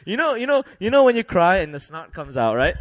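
A young man preaching a sermon in a lively, laughing way, leading the congregation in call-and-response. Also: high voice, fairly quick, dry recording.

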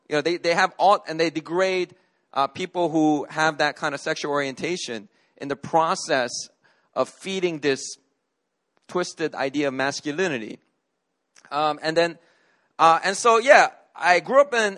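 A man's voice: high voice, pushed and bright. A middle-aged man from Korea, a pastor preaching a sermon, telling a personal story in an earnest way with frequent restarts.

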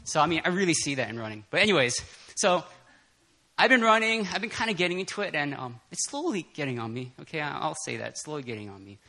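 Bright-voiced, laughing male preacher. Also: a little high, fast. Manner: animated, laughs often, many fillers and restarts. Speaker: preacher at a prayer meeting. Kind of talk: casual conversational sermon. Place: church meeting room.

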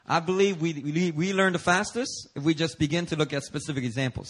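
A man from Korea preaching a sermon as a pastor, lively and conversational, moving between loud emphatic lines and soft asides, sometimes laughing through personal stories. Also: on the high side, normal speed, long pauses, slightly rough.

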